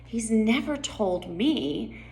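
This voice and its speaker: A woman playing a sly talking cat that speaks slowly and knowingly, drawing out its words. The voice is gravelly and lively in pitch. It sounds like an echoey room. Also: heavily acted.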